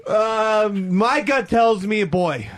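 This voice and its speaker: A man's voice: high-pitched, animated, slow, no room sound. Hesitant, earnest man on talk radio. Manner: hesitant, with restarts, keen and earnest. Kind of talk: casual talk radio banter.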